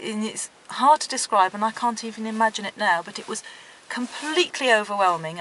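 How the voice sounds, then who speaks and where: A middle-aged woman, interviewed, recounting her dreams in a gentle, earnest way. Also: medium pitch, a little hiss or hum, rough recording. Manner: gentle, earnest storytelling with soft laughs.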